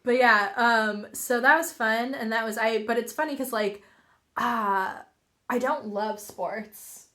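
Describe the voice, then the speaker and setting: A young woman in her twenties, a podcast guest telling stories in a relaxed, giggly, somewhat hesitant way. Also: on the high side, measured pace. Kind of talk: casual storytelling.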